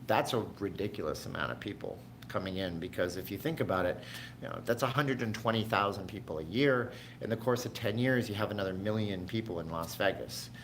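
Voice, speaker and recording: A man's voice: lowish voice, vocal fry, fairly bright tone, a little hiss or hum. A man from Canada hosting a casual livestream from his home, rambling chattily and answering viewers' questions. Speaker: livestream host.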